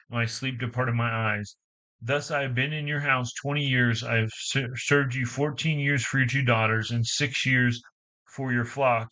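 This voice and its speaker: A man reading scripture aloud in a halting way, restarting phrases and adding casual asides. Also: medium pitch, sharp tone, rough recording. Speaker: Bible reader and commentator.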